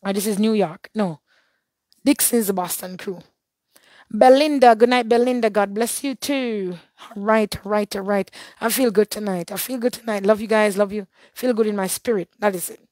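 A hoarse woman hosting a live stream, giving churchy blessings and greeting viewers one by one. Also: medium pitch, normal speed, dry recording. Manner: warm churchy blessings and shout-outs. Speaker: livestream host.

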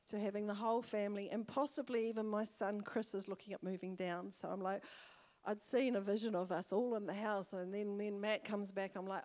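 A woman's voice: medium pitch, fairly even intonation, brisk, darkish tone. An older woman with a New Zealand accent, a church elder giving a sermon testimony, telling a personal story with fervent exclamations. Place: church hall. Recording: long reverb of a church hall.

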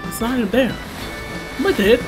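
Jumpy gamer yelping over loud music. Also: male voice, very high-pitched, expressive, brisk. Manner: jumpy, yelps and exclaims at scares. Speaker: gamer playing a horror-heavy action game. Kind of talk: casual gameplay commentary. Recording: game music playing loudly behind.

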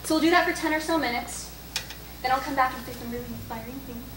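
A young woman speaks casually to a group, telling stories and taking questions in a chatty, self-correcting way. Her voice sits a little high and comes from some distance off the mic. The room is echoey, with a faint hiss behind her. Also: fast talker. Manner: chatty, storytelling, frequent likes and self-corrections. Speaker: speaker at a young adult faith event. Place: parish hall.

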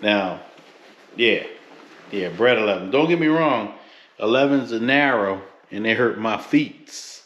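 A man's voice: on the low side, lively intonation, a little slow, a bit bright. A man from the Philly–New York area talks through a sneaker unboxing in loose, slangy, joking asides. The room is echoey and the sound a bit muffled. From Philadelphia–New York area. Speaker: sneaker reviewer. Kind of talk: casual unboxing vlog.

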